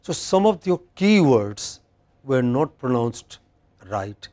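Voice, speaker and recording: In a university classroom, a man with an Indian English accent teaches English pronunciation, correcting students and slowly repeating words for them to copy. His mid-range voice swings widely in pitch and sounds a little mellow.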